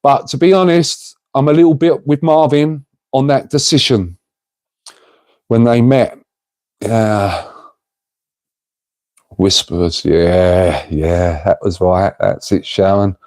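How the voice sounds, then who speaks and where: A man's voice: on the low side, slow, pauses often, a little mellow, dry recording. A middle-aged man hosting a casual livestream, rambling and chatty as he reads out viewers' comments and calls them mate. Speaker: livestream host reading chat.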